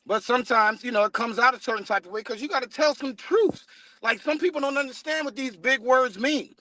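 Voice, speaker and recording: A man in casual spiritual discussion, talking in a profane, animated way and acting out what other people say. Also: extremely high pitch, fairly quick, dry recording. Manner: profane, animated storytelling with acted-out quotes. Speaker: co-host.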